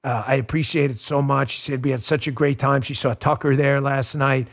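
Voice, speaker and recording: A middle-aged man hosting a political talk show, speaking in an animated, emotional, exclamatory way. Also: medium pitch, a little fast, creaky. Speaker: podcast host.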